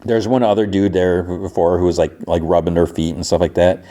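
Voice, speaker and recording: Low, dark-voiced man recapping casually. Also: level tone, slight background noise. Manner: rapid retelling with "he's like" quotes, loose restarts. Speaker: podcast host.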